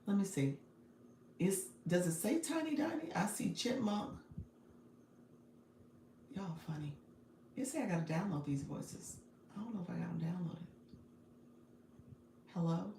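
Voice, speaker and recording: Woman coach live on stream, chatty and laughing a lot, kinda gravelly, echoey room. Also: on the low side, animated, moderate pace, long pauses, mellow, far from the mic, slight background noise. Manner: chatty, laughing, talks straight to viewers. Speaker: coach and livestream host. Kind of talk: casual livestream chat.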